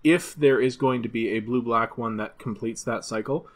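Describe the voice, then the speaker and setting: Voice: medium pitch, moderate pace. A podcast co-host in casual chat who thinks aloud, with frequent fillers and restarts. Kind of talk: casual podcast chat about a card game.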